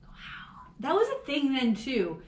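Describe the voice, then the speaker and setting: High-voiced woman podcaster, echoey room. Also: a little slow. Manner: animated, swears freely, breaks into impressions. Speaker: podcast co-host. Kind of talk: casual chat.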